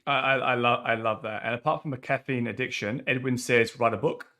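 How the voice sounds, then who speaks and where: A man's voice: mid-range voice, fairly even intonation, fairly quick, pushed and bright. A man hosting an online talk, upbeat and reading out audience comments. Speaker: host. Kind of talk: casual moderating chat.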